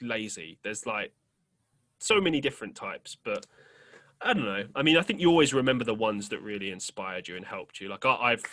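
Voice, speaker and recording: A man's voice: fairly low pitch, expressive, brisk, pushed and bright. A young man hosting a podcast, telling a rambling story in casual chat, full of fillers and casual swearing. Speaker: podcast host.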